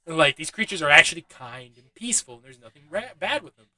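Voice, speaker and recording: A man's voice: fairly high pitch, big pitch swings, fast, sharp tone, rough recording. A young man giving a loose, chatty movie review, swearing freely and laughing at his own asides. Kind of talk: casual spoken film review.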